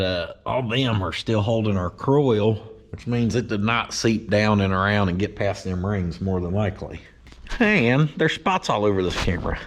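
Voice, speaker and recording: A man chatting casually and joking as he works on an old truck in his shop. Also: fairly low pitch. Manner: folksy, joking, talks to himself and his dog. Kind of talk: casual workshop vlog narration.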